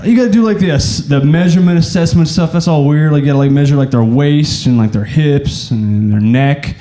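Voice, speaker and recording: Sex: male. Origin: from Arkansas. Role: stand-up comedian. Pitch: high. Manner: casual, rambling, filler-heavy. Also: a little fast, warm tone. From Arkansas, USA.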